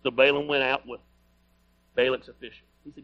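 A man's voice: mid-range voice, little pitch movement, fairly quick, highs cut off. A male pastor preaching a sermon, reading scripture aloud with playful, joking asides.

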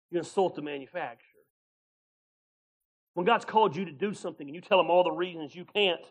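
Animated preaching man with a high voice. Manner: animated preaching, acts out voices of God and Moses; folksy, laughs often. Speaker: pastor. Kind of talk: sermon.

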